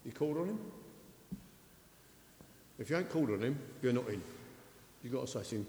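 A male preacher giving an excitable sermon, dropping to quiet asides and rising to loud acted-out quotes. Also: mid-range voice, a little fast, long pauses. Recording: echoey hall with long reverb.

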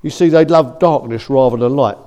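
A man's voice: mid-range voice, brisk, warm tone, muffled recording. A man giving an informal, conversational sermon that rises to emphatic outbursts. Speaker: preacher.

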